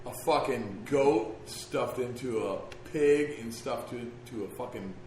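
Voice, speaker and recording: A man's voice: mid-range voice, a little mellow, a little hiss or hum. A man on a podcast teasing a friend, swearing and laughing in a casual chat. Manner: quick, mocking banter with laughter. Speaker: podcast co-host. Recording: echoey room with crowd chatter behind.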